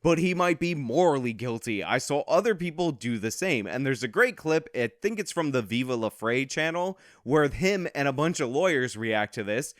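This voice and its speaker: A man's voice: mid-range voice, animated, normal speed, few pauses, fairly bright tone, dry recording, studio quality. Blunt, emphatic male commentary host. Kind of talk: opinionated commentary vlog.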